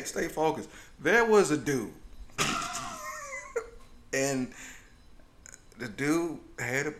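A man's voice: medium pitch, fairly bright tone. A man co-hosting a podcast, telling stories in a casual chat, laughing often and mimicking the voices of people he talks about. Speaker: podcast co-host.

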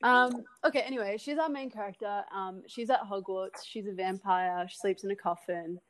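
A woman co-hosting a comedy podcast, reading a story aloud with wry, deadpan asides and giggles, close to the mic. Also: mid-range voice, moderate pace.

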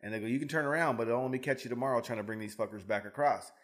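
A man on a casual podcast rattles off stories at a quick clip, cursing all the way. His pitch stays in an ordinary middle range. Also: fairly bright tone. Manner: fast, profane storyteller. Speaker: podcast co-host. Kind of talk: casual chat.

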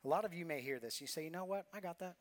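A man's voice: fairly high pitch, very fast. A man preaching a sermon as pastor, earnest and confessional, telling a personal story with repeated phrases.

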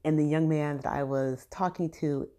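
Low-voiced chatty woman from Southern California. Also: fairly even intonation, normal speed, dark tone. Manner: chatty, acts out quoted dialogue. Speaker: storyteller. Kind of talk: casual personal anecdote.

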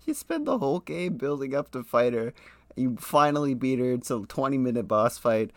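A man's voice: medium pitch, big pitch swings, normal speed, dry recording. A young man co-hosting a casual podcast, blunt and opinionated as he chats. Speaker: podcast co-host. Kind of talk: casual chat.

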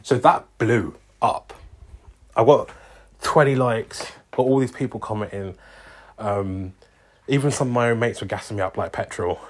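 A man's voice: lowish voice, normal speed. A young man chatting casually to camera in a vlog, rambling with lots of ums, restarts and self-corrections. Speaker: vlogger.

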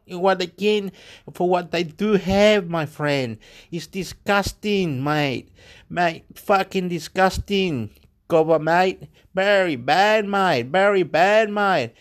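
A man talking in a rambling, repetitive and emotional monologue to camera. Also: on the high side.

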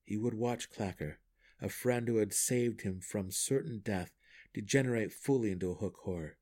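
A man reading a fantasy novel aloud for a podcast with dramatic, animated storytelling. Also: on the low side, normal speed. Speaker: audiobook podcast reader.

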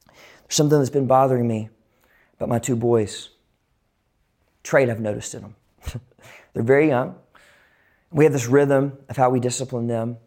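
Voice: medium pitch, fairly even intonation, normal speed, long pauses, a little mellow. A pastor delivering a sermon and reading scripture passages aloud. The delivery rises to raised emphasis and then sinks to near-whispers.

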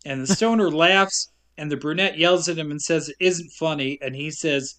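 A man's voice: on the high side, normal speed, bright, forceful tone. A man co-hosting a podcast, recapping a movie plot in casual chat with a wry, laughing delivery.

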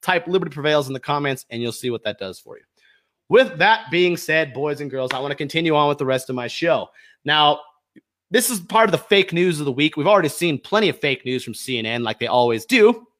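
Fired-up man ranting, bright voice. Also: on the high side, brisk. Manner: fired up, shouting accusations, then calm plugs. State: sweating, worked up. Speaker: podcast host. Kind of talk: heated political rant.

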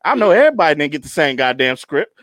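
A young man co-hosting a podcast, telling a comedic story with a lively, swooping delivery and a slightly high voice. He laughs often and keeps checking in with his listeners. The sound is close and dry, with little room echo. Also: fast talker. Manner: animated storytelling with constant laughs and "you know what I'm talking about". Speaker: podcast co-host. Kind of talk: casual comedic chat.

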